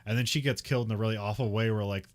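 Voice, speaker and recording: A man's voice: on the low side, fairly even intonation, racing. A man co-hosting a podcast, recapping a film in casual chat, rambling with lots of fillers and little laughs. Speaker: podcast co-host.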